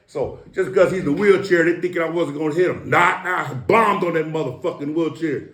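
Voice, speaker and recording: A man's voice: on the high side, a little fast. Boastful, profane man in an echoey room. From East Los Angeles, USA. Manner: profane, boastful, animated with sound effects. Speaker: interview guest. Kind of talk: casual storytelling. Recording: roomy echo.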